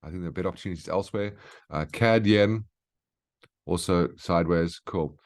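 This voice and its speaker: A man with a deep voice talks a little fast while hosting a daily market brief. The market analyst guides viewers through price charts live in an easygoing, instructive way, regularly checking in with "okay?".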